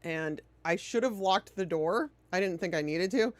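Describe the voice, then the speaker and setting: A woman's voice: lowish voice, normal speed, no echo. A woman streamer chatting casually while playing a game, sarcastic and prone to swearing. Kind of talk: casual chat while gaming.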